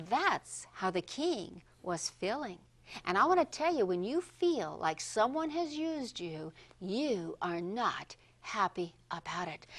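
A woman telling a Bible story to children, speaking straight to the kids and swinging from hushed whispers to loud exclamations. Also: high voice. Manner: addresses kids directly.

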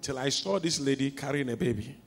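A man preaching a sermon as a pastor, telling stories and swinging from quiet asides to shouts. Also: medium pitch, brisk, gravelly. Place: church hall. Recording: long hall reverb with faint music.

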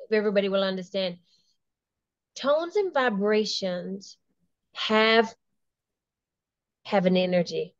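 A woman's voice: mid-range voice, a little mellow, dry recording. A woman guest in a casual interview, talking enthusiastically, laughing often and restarting her sentences. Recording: dull lo-fi dry sound.

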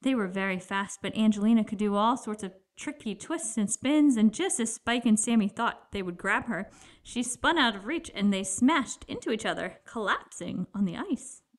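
A woman's voice: mid-range voice, lively intonation, normal speed. Woman reading a children's book aloud. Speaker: storybook narrator.

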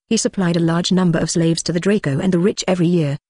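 A narrator reading a novel aloud in an even, steady delivery with little variation. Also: medium pitch, quick pace, hardly any pauses, no room sound, studio quality. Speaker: audiobook narrator. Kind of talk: scripted narration.

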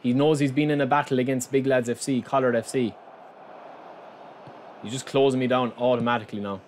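A man with an excitable manner, commentating live on his own football video game and talking straight to his viewers. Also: mid-range voice, a little fast, a little hiss or hum. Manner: excitable, shouts and groans at the play, addresses viewers as lads. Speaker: gaming channel host.

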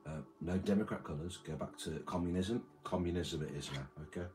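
A man's voice: low-pitched, a little fast, noisy background. A man reading out and answering chat on a livestream, rambling with crude, mumbled banter. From Britain. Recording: streamer mic with loud music behind. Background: music playing.

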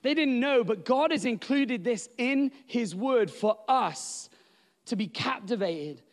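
A man preaching a sermon as pastor, animated and building to loud, emphatic exclamations. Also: very high-pitched, slow, no echo.

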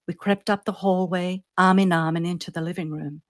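An author reads her own story aloud in a fairly low woman's voice. She builds suspense, lifting for the tense moments and letting each phrase sink softly at the end. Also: steady tone, brisk.

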